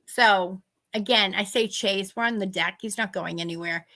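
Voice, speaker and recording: A middle-aged woman, telling animated stories in casual chat and acting out the people she quotes. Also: medium pitch, normal speed. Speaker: host.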